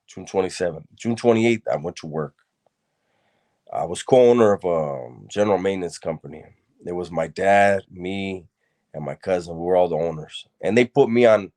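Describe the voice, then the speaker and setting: A man's very low, deep voice, a little mellow, carries a relaxed, conversational account of his past. He talks loosely in street slang and repeats himself often as the story unfolds.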